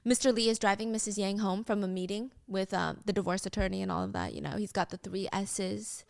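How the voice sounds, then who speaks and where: A woman hosting a podcast, retelling a drama episode in a casual, dramatic, animated way. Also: medium pitch, a little fast, creaky. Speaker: podcast host.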